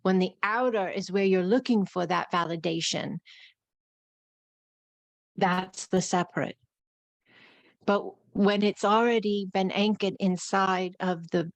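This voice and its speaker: A woman with a New York accent gives a live-streamed spiritual talk, speaking in flowing, repetitive phrases. Her voice is medium in pitch, with no echo.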